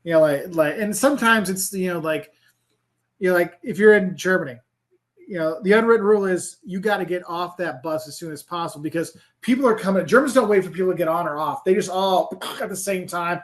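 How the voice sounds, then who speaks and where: High-voiced and fast-talking, a middle-aged man chats casually as an interview guest. He's a travel creator and professor whose animated, rambling speech is packed with "like" and false starts.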